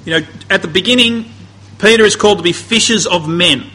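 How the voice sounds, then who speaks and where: A man preaches in a conversational way, often restarting phrases and then climbing to emphatic high points. His voice sits a little high for a man and sounds bright and forward. It has a slightly husky edge. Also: fairly quick, rough recording. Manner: conversational, rising to emphatic peaks, frequent restarts. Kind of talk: sermon.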